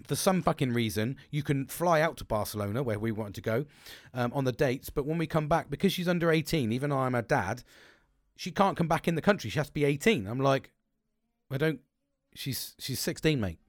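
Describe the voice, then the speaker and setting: A man's voice: medium pitch, animated, brisk, no echo, clean studio sound. A middle-aged man in a blunt, sweary, rambling monologue who often restarts his sentences.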